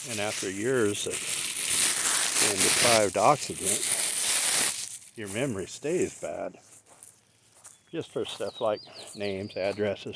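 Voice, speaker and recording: Middle-aged male vlogger, gravelly and low-pitched, rambling and opinionated, recorded outdoors with faint noise behind. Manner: opinionated, rambling, plain-spoken. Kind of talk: casual rambling vlog monologue. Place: outdoors, walking his dog.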